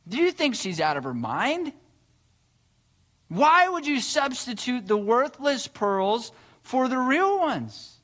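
A man's voice: very high-pitched, sing-song, slow, fairly bright tone. A male pastor preaching a sermon, telling a story with earnest rhetorical questions.

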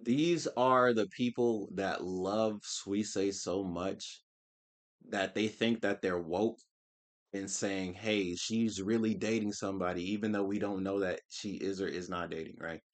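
A man's voice: sits low, fairly even intonation, a little slow. A man giving casual, slangy reaction commentary with lots of swearing. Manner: slangy, emphatic, swears a lot. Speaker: reaction streamer.

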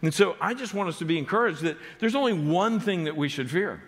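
A male pastor delivers an emphatic sermon in a church sanctuary, his slightly high voice climbing on key lines and sinking low on others. A long reverb trails each phrase through the hall. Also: expressive, fairly quick. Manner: emphatic preaching with sharp rises and drops in pitch.

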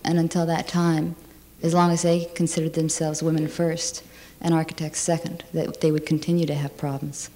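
Lower-voiced woman speaking firmly. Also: little pitch movement, normal speed, hardly any pauses, dark tone. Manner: firm, emphatic statements. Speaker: architect and panelist. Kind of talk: panel discussion.

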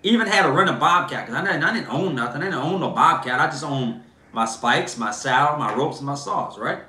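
A man talks his way through a story with his audience. His voice is bright and pitched a bit high, and he peppers it with "bro" and "man." The room around him echoes. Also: a little fast. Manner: animated, slangy storyteller, lots of "bro" and "man". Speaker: host. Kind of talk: casual storytelling livestream.

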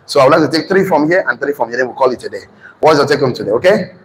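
A man's voice: medium pitch, expressive, very fast, slight background noise. Emphatic Nigerian man teaching in an echoey hall. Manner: emphatic, repetitive, dictating notes to the class. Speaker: class teacher and motivational speaker. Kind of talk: preachy motivational class talk. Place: hall with a live class. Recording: reverberant hall.

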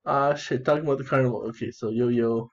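A man's voice: medium pitch, fairly even intonation, fast talker. Rambling, giggly man recapping a game. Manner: rambling, giggly, crude, repeats himself. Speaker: gamer narrating his play. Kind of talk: casual gameplay commentary. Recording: dull lo-fi sound.

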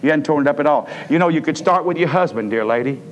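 A man preaches a revival sermon, his somewhat high voice climbing into urgent calls and then sinking into quiet pleading. The old recording carries the long reverb of a church sanctuary. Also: animated, quick pace, muffled recording. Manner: preaching with swings from raised to hushed voice. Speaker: pastor.

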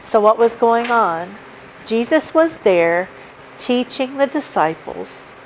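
A woman's voice: fairly high pitch, animated, slow, slight background noise, rough recording. A woman preaching a sermon at a church service, emphatic and repeating her key points as she works through a numbered list. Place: church sanctuary.

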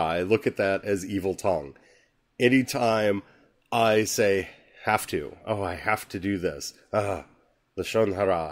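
Slow, earnest man reading scripture. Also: lowish voice. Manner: slow, earnest, musing aloud. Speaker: podcast host. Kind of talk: reflective scripture talk.

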